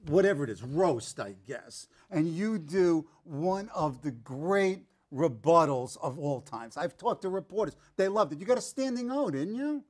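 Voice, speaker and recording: A man hosting a public affairs TV talk show, joking and enthusiastic. His voice sits a little high. He stumbles now and then over names and restarts. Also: lively intonation, moderate pace, hardly any pauses, darkish tone. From New York.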